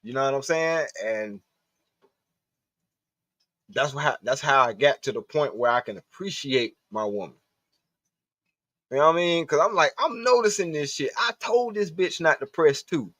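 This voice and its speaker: A man's voice: mid-range voice, big pitch swings, moderate pace, long pauses, bright, forceful tone, no room sound. Profane man rambling on a stream. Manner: profane, rambling, talks to chat. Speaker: live stream host. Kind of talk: casual livestream monologue. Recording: dull, dry lo-fi stream audio.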